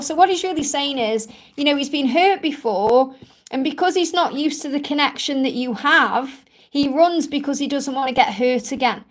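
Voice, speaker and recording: A woman's voice: sits high, moderate pace. A woman from England with a strong Stoke-on-Trent accent, chatting and reassuring viewers as a spiritual reader in a live stream Q&A. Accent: Stoke-on-Trent English. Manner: chatty, reassuring, many "you know" fillers.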